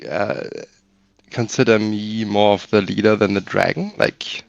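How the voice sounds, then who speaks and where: A man's voice: on the low side, fairly even intonation, measured pace, creaky, dry recording, muffled recording. A young man playing a tabletop game, asking unsure questions in casual chat. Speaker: player.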